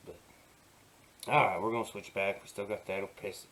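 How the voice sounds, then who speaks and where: A man narrating his digital painting tutorial in a soft, easygoing way, often dropping to a murmur and adding playful asides. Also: on the low side, steady tone, moderate pace, rough recording. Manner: playful asides while working. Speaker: digital artist.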